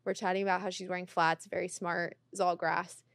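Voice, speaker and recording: A woman's voice: on the low side, a little fast, dry recording, studio quality. A woman, a podcast guest, telling stories in casual chat and acting out what people said. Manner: animated, acts out quoted voices.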